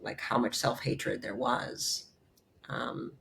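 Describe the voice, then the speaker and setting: A woman in her forties, a chiropractor guest in an interview, telling personal stories in a blunt, animated way and swearing freely. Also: a bass voice, takes it slowly, creaky. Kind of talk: candid interview storytelling.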